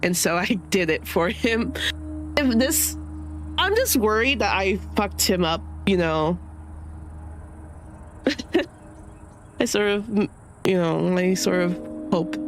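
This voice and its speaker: A young woman chatting casually, rambling with many fillers and sometimes tearful. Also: on the low side. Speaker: streamer. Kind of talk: casual chat.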